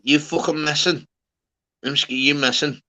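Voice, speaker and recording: Brash, bright-voiced man. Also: a little high, fairly even intonation, moderate pace. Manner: brash, swearing, says "lad" constantly. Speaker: livestream host. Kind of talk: casual chat.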